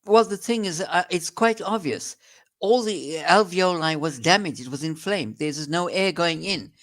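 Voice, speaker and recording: A man's voice: on the high side, a little slow, a bit bright. A man with a South African accent, a doctor explaining in an interview, earnest and emphatic, often restarting his sentences.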